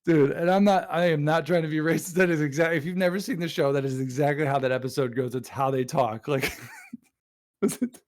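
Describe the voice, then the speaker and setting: Excitable laughing young podcast host. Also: male voice, a little high, brisk. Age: young adult. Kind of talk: casual podcast chat.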